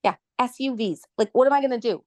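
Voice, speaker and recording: A woman's voice: fairly high pitch, fast talker, a little mellow, no room sound. A middle-aged woman from Canada, a guest telling her story in a casual interview, agitated and indignant.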